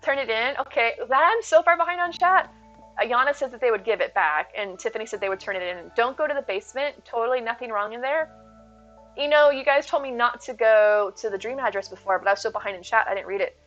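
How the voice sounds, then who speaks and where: A woman's voice: on the high side, expressive, fast talker, a bit bright, lo-fi sound, soft background music. A woman in her thirties streaming live, chatting in a rambling way, reading her chat aloud and thanking viewers.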